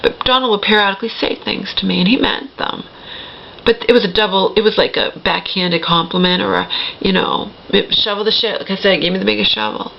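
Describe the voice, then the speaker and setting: A middle-aged woman tells her own story to the camera, rambling and emphatic, with a gravelly, fry-laden voice. The recording is dull and lo-fi, with a faint hiss of noise underneath. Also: mid-range voice, fairly even intonation, fairly quick. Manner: rambling, emphatic, repeats "okay?" and self-corrects. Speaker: vlogger.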